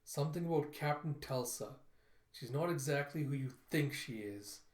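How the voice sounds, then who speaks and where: Comic-reading voice: man playing a calm, flat old robot, echoey room. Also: fairly high pitch, normal speed, lightly acted. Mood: cold. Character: ancient male robot, calm and scheming.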